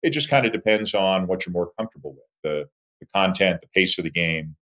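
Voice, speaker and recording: A man in his fifties, a sportscaster, telling stories about his career as an animated interview guest. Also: brisk. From Toronto, Canada. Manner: animated storyteller, lively swings in pitch and volume. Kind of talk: conversational interview storytelling.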